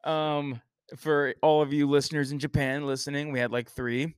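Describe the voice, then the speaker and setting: A man's voice: on the high side, flat delivery, moderate pace, clear, resonant tone, no room sound, studio quality. A man hosting a casual sports podcast, joking and rambling through banter with his co-host. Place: Texas.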